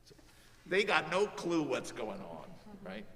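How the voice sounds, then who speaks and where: Coaching a student in a music master class, a man with a slightly high voice speaks a little slowly and breaks into sung phrases to demonstrate. He's animated. The sound is distant and echoey, with slight background noise.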